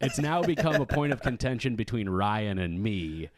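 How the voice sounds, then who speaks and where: A man's voice: lowish voice, sing-song, moderate pace. A man hosting a comedy podcast, telling a story casually and laughing as he goes. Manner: laughs through his story, acts out quotes. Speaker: podcast host.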